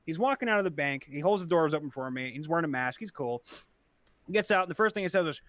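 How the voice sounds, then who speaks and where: A man from Ohio telling a story in casual chat on a close mic, animated and laughing. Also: a little high, quick pace, no room sound. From Ohio, USA. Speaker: podcast co-host.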